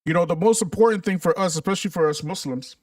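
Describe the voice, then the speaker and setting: A high-pitched man talks to his livestream viewers in a casual, emphatic way and calls them "family". He sounds a little back from the microphone in a dry, dead room. His tone is preachy and full of conviction. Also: fast, darkish tone, no echo, distant mic. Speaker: livestream host.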